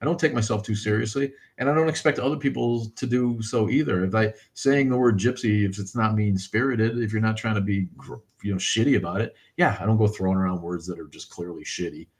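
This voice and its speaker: A middle-aged man hosts a casual livestream, reading viewer comments, thanking his audience, and ranting in a rambling, profane way. His voice is fairly low and brisk.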